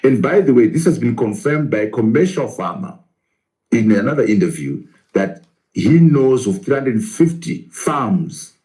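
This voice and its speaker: A man's voice: medium pitch, big pitch swings, unhurried, mellow, low-quality recording. A man, a professor, arguing in a political interview, asking rhetorical questions and answering them himself.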